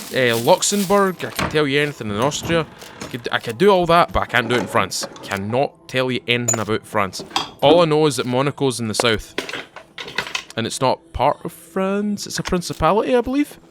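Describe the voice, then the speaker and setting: Young male gamer, digressive and animated, noisy home mic. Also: mid-range voice. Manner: chatty, digressive, self-interrupting, animated. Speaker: gaming YouTuber. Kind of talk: rambling let's-play storytelling.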